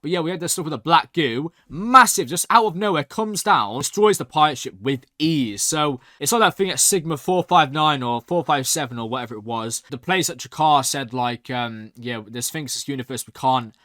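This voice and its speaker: Excitable young man rambling a recap. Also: on the high side, moderate pace, hardly any pauses, no room sound, studio quality. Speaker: reaction channel host. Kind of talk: casual recap and review.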